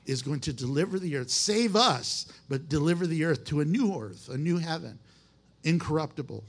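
A man who is a pastor, preaching a conversational, emphatic sermon in a folksy way. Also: fairly high pitch.

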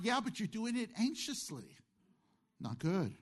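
A male pastor delivers a sermon in a fairly high, very expressive voice that swings up and down. He asks the congregation questions, answers them himself, and slips in playful asides. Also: a little slow. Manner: jokey asides.

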